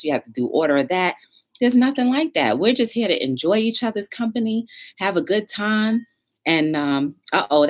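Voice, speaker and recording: Bubbly breathless woman talk-show host. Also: low voice. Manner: bubbly, excitable, sings and chants along. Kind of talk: upbeat live-stream chat.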